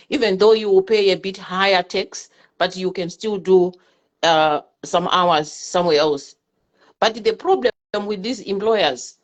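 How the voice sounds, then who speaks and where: A woman in a casual talk-show discussion, earnestly giving advice and often repeating her words. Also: medium pitch. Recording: muffled lo-fi audio.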